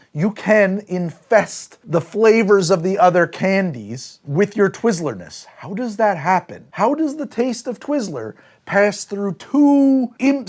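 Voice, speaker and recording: A man's voice: high-pitched, darkish tone. A man hosting a comedic cider tasting review, sarcastic and scolding the drinks directly as if they could hear him. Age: adult, says he is not that old. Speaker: drinks show host.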